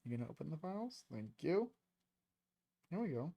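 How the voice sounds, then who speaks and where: A man's voice: on the high side, big pitch swings, moderate pace, creaky, dark tone, breathy edge. A man hosting a casual spiritual card reading, joking and slangy with frequent laughs. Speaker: host of a spiritual reading show.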